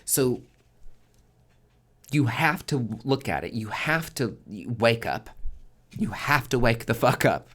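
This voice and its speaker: A man's voice: mid-range voice, big pitch swings, takes it slowly, pauses often, fairly bright tone, slightly rough. A man hosting a monthly tarot forecast in a casual spoken monologue, swearing constantly and driving his points home with emphatic repetition.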